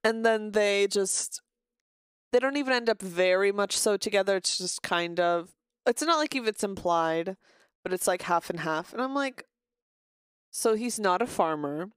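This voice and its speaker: A woman's voice: medium pitch, lively intonation, measured pace, clear, resonant tone, dry recording, clean studio sound. A woman live-streaming a game, chatting casually in a rambling way, swearing freely and breaking off to greet viewers. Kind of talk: casual live-stream chat while gaming.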